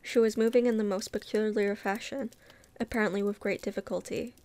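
Gravelly woman reading a novel aloud. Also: medium pitch, a little fast. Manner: relaxed, unpolished, stops to comment. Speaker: reader.

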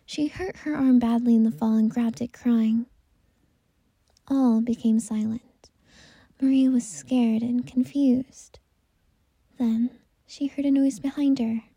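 A woman tells a bedtime story in a gentle, unhurried voice that often drops to a whisper. Her tone is deeply mellow and breathy, and pitched a little high. The sound is close and dry. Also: fairly even intonation, no echo.

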